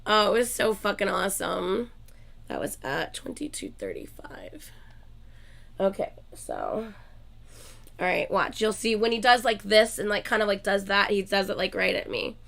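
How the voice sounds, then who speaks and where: A woman hosting her own channel, chatting casually to viewers in a gushing, excitable way and swearing often. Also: medium pitch, normal speed, creaky. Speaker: reaction channel host.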